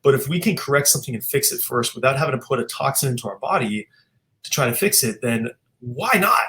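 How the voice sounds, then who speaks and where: Gravelly-voiced chiropractor telling stories. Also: male voice, mid-range voice, animated, fast, pushed and bright. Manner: earnest storyteller, many restarts. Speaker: chiropractor guest. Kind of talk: podcast interview chat.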